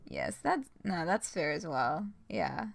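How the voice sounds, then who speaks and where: A young woman talks casually to her stream while playing a game, rambling through her thoughts with fillers and little laughs. Her delivery is unhurried and her pitch swings widely, with a gravelly fry on the ends of phrases. Faint game music sits under her voice. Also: wildly swooping pitch, dry recording. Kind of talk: casual let's-play chat.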